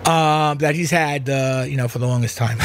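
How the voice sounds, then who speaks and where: A man's voice: medium pitch, normal speed, slight background noise. A man hosting his own talk show from home, rambling casually through asides with lots of fillers. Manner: chatty, meandering, many fillers and asides. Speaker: podcast host. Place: home room with air conditioner.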